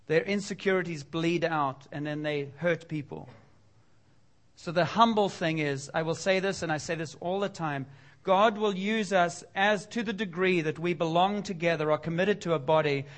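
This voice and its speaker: A pastor preaching a sermon to his congregation, acting out little dialogues and building to loud calls to respond. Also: fairly high pitch, normal speed. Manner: animated preaching, voicing God and listeners, rising to loud exhortation.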